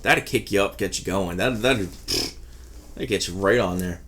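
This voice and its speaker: A man's voice: low-pitched, moderate pace, a bit bright. Swearing guy reviewing vape juice. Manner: rambling, profane, swears freely. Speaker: e-liquid reviewer. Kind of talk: casual product review.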